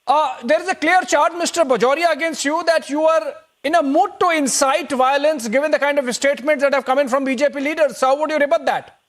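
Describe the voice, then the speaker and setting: Tv anchor guy, really high voice, probing questions with lots of uhs. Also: brisk, fairly bright tone. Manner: probing, hesitant fillers. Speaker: news anchor. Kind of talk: live TV debate moderation.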